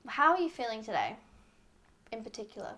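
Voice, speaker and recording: Aussie woman cohosting a chatty podcast, bit high voice, bubbly, lots of little ooh's and oh's. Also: very animated, bright, forceful tone. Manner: bubbly, exclamatory, quick to react. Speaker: podcast co-host. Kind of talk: casual chat.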